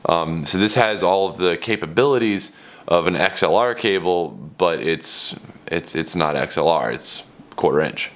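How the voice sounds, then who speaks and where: Deep-voiced man in a casual DIY vlog. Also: lively intonation, a little slow. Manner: candid, rambling, self-correcting. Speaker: channel host. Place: home studio.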